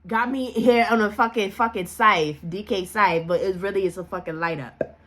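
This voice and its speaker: A woman telling a casual story as a vlogger, animated and profane, laughing often and acting out the voices she quotes. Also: normal speed. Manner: acts out quoted voices with big pitch jumps.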